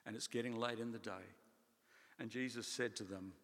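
A man preaching a sermon in a conversational, animated way, with playful asides. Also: medium pitch, moderate pace, long reverb tail. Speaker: pastor.

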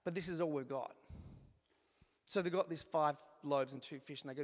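A man preaching a sermon in an animated, conversational way, acting out little asides as he goes. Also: fairly high pitch, moderate pace. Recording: long reverb of a large hall.

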